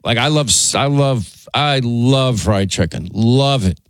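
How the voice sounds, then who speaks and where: A man's voice: medium pitch, unhurried, no room sound. A male radio host chatting with callers in a rambling, friendly way, often restarting his sentences, sounding a bit tired. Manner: rambling, chummy, many restarts. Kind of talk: talk radio chat.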